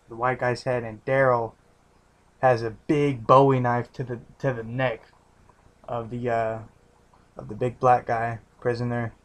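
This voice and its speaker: A man talks through a TV episode in a loose, rambling way, stopping and restarting his sentences and dropping casual swears. His voice sits at an ordinary middle pitch and stays level, with little rise or fall. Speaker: TV episode reviewer.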